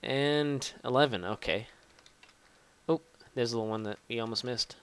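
A man's voice: medium pitch, measured pace, clean tone. A young man giving casual, rambling gameplay commentary, swearing often and poking fun at himself. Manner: rambling, profane, self-mocking. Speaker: gaming YouTuber.

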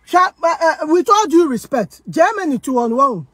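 Heated Ghanaian woman, high and dry. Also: sing-song, moderate pace, fairly bright tone, dry recording. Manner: mixes Twi and English, heated and accusing. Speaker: social media personality. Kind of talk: heated monologue. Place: living in Germany.

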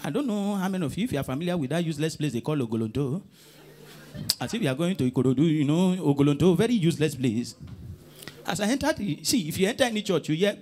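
A male stand-up comedian with a Nigerian accent, telling a church story in a gravelly voice with pidgin phrases. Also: high voice, expressive, quick pace. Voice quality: gravelly, mixes pidgin into his talk. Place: comedy show stage. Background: crowd and music.

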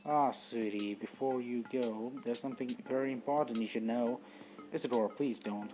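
A man's voice: medium pitch, fairly even intonation, moderate pace, darkish tone, faint music behind, close to an everyday voice. A man reading the lines of a sly, needling young woman rival in a story game.

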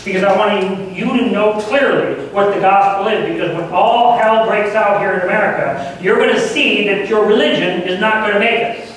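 High-voiced guy preaching hard in a big echoey church, mic kinda far off. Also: moderate pace, few pauses, fairly bright tone, slight background noise. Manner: earnest, emphatic, grows fervent. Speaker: guest preacher. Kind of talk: sermon. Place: church sanctuary.

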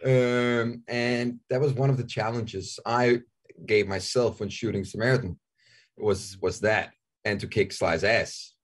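A man's voice: lowish voice, fairly even intonation, measured pace. A man in his forties from Denmark with a Danish accent, chatting candidly as an interview guest, joking and often repeating himself. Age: 40s. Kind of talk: casual interview chat.

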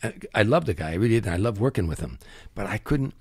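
An older man tells show-business stories in a husky, slightly low voice. He acts out the people in them with lively jumps in pitch. The sound is close and dry. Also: quick pace, no room sound. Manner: animated anecdotes, acts out quotes. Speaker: guest comedian. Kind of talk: storytelling interview.

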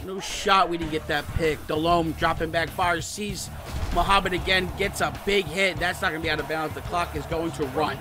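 A young man commentating his own football video game, calling plays in casual slang and breaking into shouts and yelps at the big moments. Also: a little high, normal speed. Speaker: gaming YouTuber. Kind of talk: excitable play-by-play gaming commentary. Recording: music playing behind.

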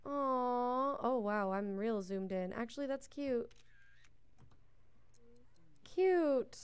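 Chatty young woman with a smooth voice. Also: fairly high pitch, takes it slowly. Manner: chatty and gushing, coos over cute moments; reads on-screen game text aloud. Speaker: let's play host. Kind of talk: casual gameplay commentary.

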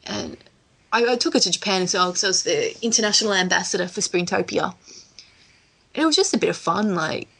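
Australian woman, gravelly fry in her voice, casual podcast guest, laughs easily. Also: lowish voice, sing-song, brisk, a bit bright. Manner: laughs easily, chatty storyteller. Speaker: guest, wrestler.

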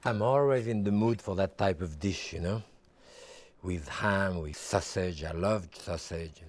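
A man working as a TV chef, walking through a cooking demonstration step by step and adding relaxed asides as he goes. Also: sits low, unhurried, slight background noise. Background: background music.

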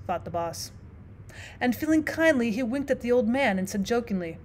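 A woman teacher reading a classic short story aloud as audiobook narration, measured and expressive. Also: on the high side.

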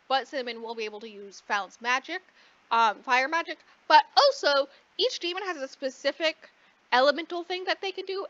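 A woman co-hosting a podcast, casually recapping a book in a rambling way, swearing freely and acting out the characters in quick asides. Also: on the high side, bright, forceful tone, no room sound. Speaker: podcast co-host. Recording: dull lo-fi dry recording.

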